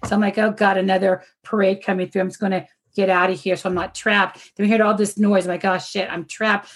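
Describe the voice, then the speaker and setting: A woman telling a story in a casual video-call chat, animated and laughing often as she talks. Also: mid-range voice, creaky.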